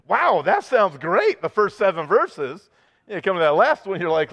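A man's voice: sits high, very animated, normal speed, a bit bright. A man preaching a sermon as pastor, joking with the congregation and reading scripture aloud with rising intensity. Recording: dull sound with long hall reverb.

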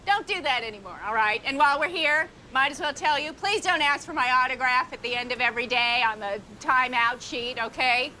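Casting: bright, high middle-aged diva actress, shrill and indignant, TV comedy. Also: female voice, a little fast, hardly any pauses, a little hiss or hum. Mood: pleading. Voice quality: shrill when angry. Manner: indignant, repeating herself. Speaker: lead actress in a series. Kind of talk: TV comedy acting.

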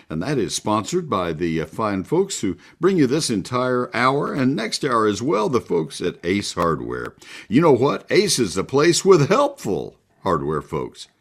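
A man hosting a call-in gardening radio show, talking in a folksy, chatty way with many filler words. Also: deep voice. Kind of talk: live call-in radio talk with read ads.

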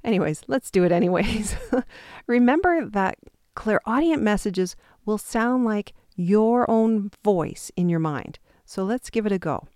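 Woman intuition teacher, patient guided exercise, slow and dry. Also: medium pitch, no room sound. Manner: calm, patient step-by-step instructions.

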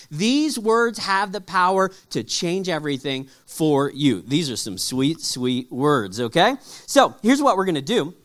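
A man pastor giving a conversational, lively sermon to a church audience. He jokes with the room, then drops to a soft, low voice for weighty points. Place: church auditorium with live audience.

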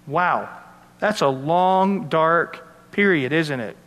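A man's voice: on the high side, animated, slow pace, fairly bright tone, in a large hall. A man preaching a sermon, reading verses and explaining them in a conversational way with asides to his listeners. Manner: expository Bible teaching, conversational with asides. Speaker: pastor.

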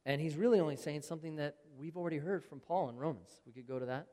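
A man's voice: fairly high pitch, quick pace, mellow, long reverb tail. A man preaching a sermon in an earnest, conversational way, reading scripture aloud to his congregation. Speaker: pastor.

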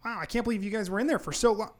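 A man voicing an excitable young male elf technician who talks fast and flustered. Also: high-pitched, voice pushed up, close to an everyday voice. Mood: excited.

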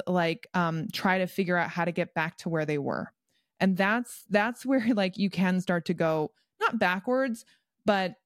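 A woman's voice: lowish voice, no room sound, clean studio sound. A woman coach talking casually in an interview, chatty, with frequent laughs and fillers. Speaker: guest, personal development coach.

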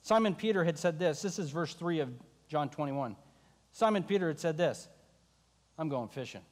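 Male pastor, high register, animated sermon delivery that acts out the voices, reverberant church hall. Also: moderate pace. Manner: animated, acting out the disciples' voices.

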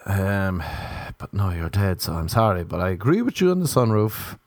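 A man's voice: on the low side, creaky, darkish tone, dry recording. A young Irish man doing a rambling, sarcastic, self-mocking comedic monologue. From Ireland.

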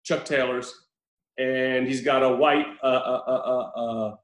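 A man in casual chat, retelling a film with animated, profane storytelling and acted-out lines. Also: medium pitch, measured pace, reverberant, rough recording.

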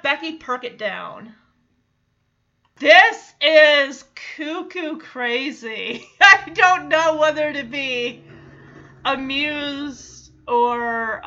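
A woman's voice: high-pitched, sharp tone, highs cut off. A woman hosting a podcast, recapping a TV episode in a chatty, amused way with frequent laughter. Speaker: podcast host.

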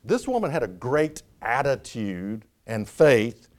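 A man preaching a sermon as pastor, animated, acting out quoted voices, with frequent restarts. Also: medium pitch, slow pace.

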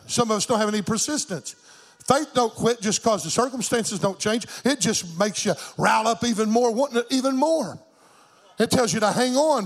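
Fervent older male preacher, high voice. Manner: fervent, rhythmic preaching with a sing-song lilt. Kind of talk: sermon.

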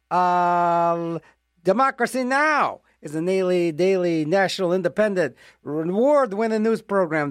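High, lively male radio DJ. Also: dry recording, clean studio sound. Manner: rambling, jokey, self-mocking asides. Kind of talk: casual radio DJ patter.

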